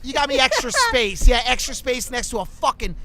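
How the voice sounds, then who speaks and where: A man's voice: extremely high pitch, wildly swooping pitch, fairly quick, gravelly, pushed and bright. A young man co-hosting a podcast, joking crudely and mocking himself in casual banter. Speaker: podcast co-host.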